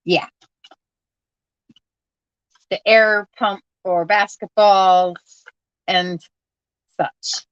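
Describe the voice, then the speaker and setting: A woman's voice: medium pitch, fairly even intonation, very slow, long pauses, clear, resonant tone, no echo, muffled recording. A woman chatting casually to viewers while sorting through a box of odds and ends, rambling and laughing at herself. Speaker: crafting vlogger. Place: at home.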